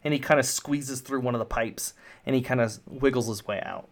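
A man's voice: mid-range voice, brisk. A man narrating a tabletop game as game master, casual and full of fillers. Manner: casual, rambling with many fillers.

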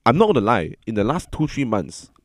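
A man telling a personal story in a casual chat, earnest and halting, often repeating his words as he gathers his thoughts. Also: medium pitch, sing-song, no echo, studio quality.

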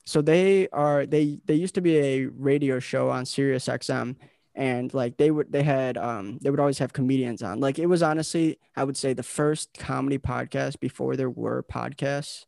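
Laid-back gravelly young male podcast host. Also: medium pitch, normal speed, darkish tone, no echo, studio quality. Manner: rambling, laid-back, lots of filler words and dudes. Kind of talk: casual podcast chat.

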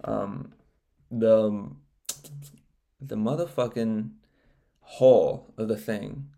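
A young man hosting a casual solo podcast, rambling with lots of swearing and frequent laughter, getting loud and animated when he gets worked up. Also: on the low side, very slow, vocal fry. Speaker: podcast host.

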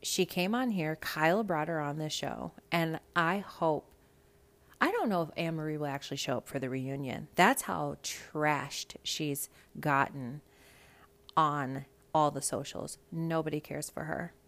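A young woman hosting a casual reality TV recap, blunt, profane and animated. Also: sits low, unhurried. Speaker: podcast host.

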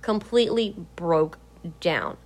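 A woman's voice: lowish voice, big pitch swings, slow pace. Candid, swearing woman vlogger. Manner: candid, swears, laughs, rambling retelling. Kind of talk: casual emotional storytelling.

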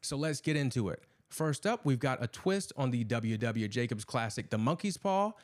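A man's voice: mid-range voice, expressive, normal speed. A man hosting a sports podcast, chatting casually and then narrating a spooky story. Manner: upbeat and chatty. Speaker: host.

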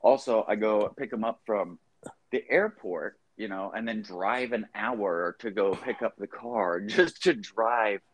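A man with a low voice tells rambling, profane stories in a casual podcast chat. He fills his talk with ums and likes, and the sound is dry and close. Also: measured pace, no echo. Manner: loose, profane storytelling with many fillers. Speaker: podcast co-host.

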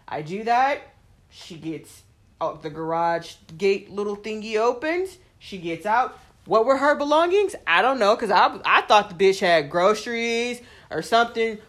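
A woman hosting a casual chat, telling a story bluntly with lots of swearing and "like" fillers. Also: a little high. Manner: blunt, profane, vents with heavy "like" fillers; acts out quoted people in animated voices.

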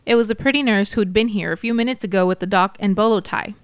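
Woman reading a jaded ambulance-chasing lawyer, wry hard-boiled narration, smooth and dry. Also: medium pitch, quick pace, no echo, lightly acted. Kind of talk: audiobook narration.

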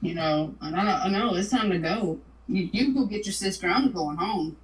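A woman's voice: medium pitch, moderate pace. A woman co-hosting a podcast, talking about a horror film bluntly and casually, with some swearing. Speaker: podcast co-host. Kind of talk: casual chat. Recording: echoey room.

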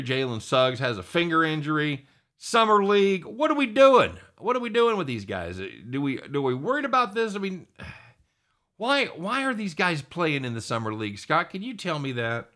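Middle-aged man, sports talk host, lively swooping pitch, bright forceful tone, excitable. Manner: animated, excitable, addresses co-host by name often. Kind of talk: sports talk show banter.

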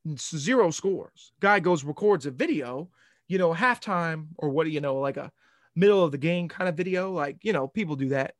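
A young man hosting a sports podcast, telling a rambling, animated story in casual talk. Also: a little high, normal speed, dry recording, clean studio sound.

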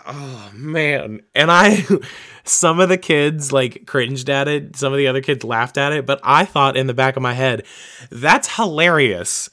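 A man's voice: mid-range voice, fairly even intonation, normal speed, bright, forceful tone. A young man hosting a book-reading show, chatting in a loose, rambling, profane and self-mocking way. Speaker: podcast host reading books aloud. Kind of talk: casual rambling chat.

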